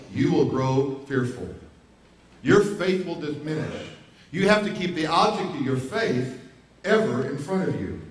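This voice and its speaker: A male pastor with a somewhat high voice preaches a sermon in a church hall, emphatic and full of rhetorical questions. The hall is very echoey and the mic is far away.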